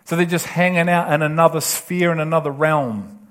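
A man's voice: fairly high pitch, steady tone, a little fast, fairly bright tone. A man preaching a sermon with passion, often laughing and acting out the voices he quotes. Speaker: pastor.

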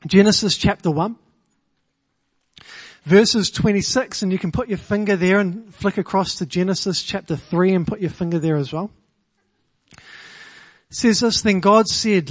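A man preaching a sermon to a congregation, reading scripture aloud and slowing down to stress key words. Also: high-pitched, no echo. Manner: earnest, slows down for emphasis; addresses the congregation directly. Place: church gathering room.

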